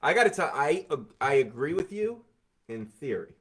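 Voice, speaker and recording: Man, comedian guest, casual chat, quick riffing, acts out quotes. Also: on the high side, very animated, a bit bright, slightly rough.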